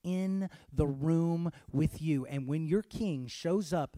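Preacher guy, high voice, gets the church shouting back, goes quiet then loud. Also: normal speed, hardly any pauses, no echo. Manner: preaching with call-and-response shouts, swinging from soft to loud. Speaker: pastor. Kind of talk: sermon.

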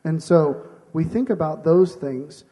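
A man with a mellow, somewhat high voice sets up a question for the group. He rephrases it in an easy, thoughtful way. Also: measured pace, breathy edge. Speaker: co-host framing questions. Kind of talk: conversational preaching.

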